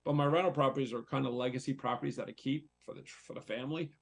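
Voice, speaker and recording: A man's voice: mid-range voice, fairly even intonation, fast talker, gravelly. A man, a real estate investor and coach, speaking candidly and conversationally on a talk show, repeating himself as he tells a personal story. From United States.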